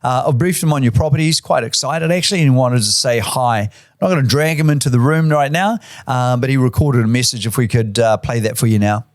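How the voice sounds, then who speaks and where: A man's voice: mid-range voice, a little fast, no room sound, studio quality. A middle-aged man, a real estate boss giving tips in a chatty, enthusiastic way full of fillers. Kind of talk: casual instructional talk.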